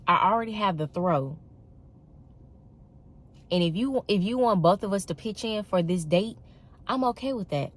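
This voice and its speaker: Young woman vlogger, lower voice, expressive and exasperated, talking straight to camera. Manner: expressive, emphatic, exasperated storytelling. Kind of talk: casual monologue to camera.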